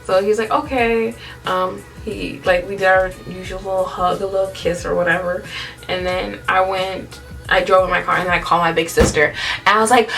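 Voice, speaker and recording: Bright-voiced chatty young woman vlogger. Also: mid-range voice, fast, far from the mic, soft background music. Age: young adult. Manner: chatty, candid, dramatic, slangy, laughs often. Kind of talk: storytime advice vlog.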